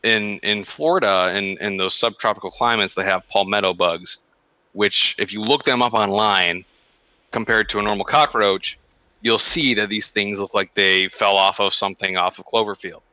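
A man co-hosting a podcast, chatting casually and telling an animated story with big exaggerations. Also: lowish voice, normal speed, dry recording, poor audio. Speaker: podcast co-host. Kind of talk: casual chat.

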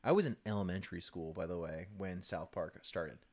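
A man's voice: deep voice, a little fast, darkish tone. A man in his thirties co-hosting a casual chat about video games, laughing often and talking loosely with many ums and restarts. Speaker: co-host of a gaming video series.

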